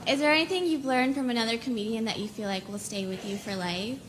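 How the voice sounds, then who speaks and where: A woman's voice: on the high side, fast, long reverb tail. Hesitant young woman from the audience. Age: 20s. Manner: hesitant, soft-spoken. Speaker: audience member asking a question. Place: comedy club audience. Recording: distant audience mic with loud noise.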